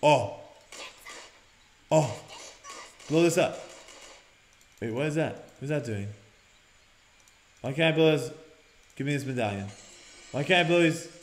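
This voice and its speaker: A young man hosting a let's-play, reading game prompts aloud and breaking into loud, excited shouts. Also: mid-range voice, slow pace, long pauses. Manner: energetic, bursts into loud shouts, reads on-screen prompts aloud. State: sore mouth after dental work. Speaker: gaming channel host. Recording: roomy home recording with game music behind.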